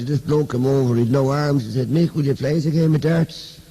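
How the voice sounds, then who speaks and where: A young Irish man, a comedian, telling stand-up jokes as rapid-fire one-liners and switching into the voices of the people in them. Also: mid-range voice, mellow, slight background noise. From Ireland. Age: young adult.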